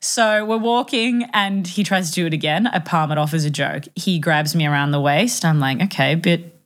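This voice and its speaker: A young woman telling a personal story in a casual chat. Her voice sits a little low for a woman, and she is animated and self-mocking, acting out what people said. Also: moderate pace. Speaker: guest telling a dating story.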